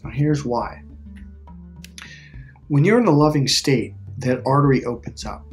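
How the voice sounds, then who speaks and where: A man's voice: medium pitch, expressive, measured pace, long pauses, faint music behind. A middle-aged man talking casually as a relationship coach, emphatic and repetitive, swearing freely. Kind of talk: casual talk to camera.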